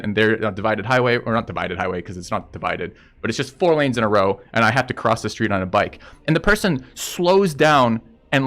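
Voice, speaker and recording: A man's voice: medium pitch, a bit bright. A man streaming and telling a story in casual chat with viewers, blunt and profane as he rants about a road dispute.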